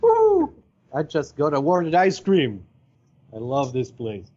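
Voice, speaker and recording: A man whose first language is Spanish talks loosely on a podcast, trailing off and restarting often with plenty of fillers. His voice sits in an ordinary middle pitch. The recording sounds dull and lo-fi. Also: lively intonation, a little slow, a little mellow. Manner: rambling, hesitant, many fillers. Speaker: podcast host. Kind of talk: casual chat.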